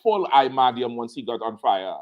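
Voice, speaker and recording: Male host, casual show talk, animated storyteller who acts out quotes, mid-range voice. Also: mid-range voice, normal speed, narrow, tinny audio.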